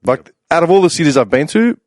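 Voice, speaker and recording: A young Australian man telling a casual story on a podcast, laughing often and loudly acting out the voices of people he quotes. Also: a little high, expressive, fast talker, no echo, clean studio sound. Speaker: podcast panelist.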